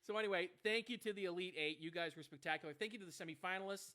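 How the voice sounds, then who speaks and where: A man's voice: high-pitched, rapid-fire, very noisy. A man co-hosting an online karaoke show in casual livestream chat, effusive and rambling with many restarts.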